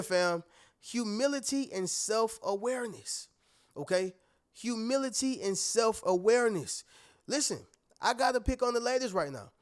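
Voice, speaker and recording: A man giving a motivational talk straight to his viewers, emphatic and preachy, often checking that they are following. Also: high voice. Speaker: motivational speaker.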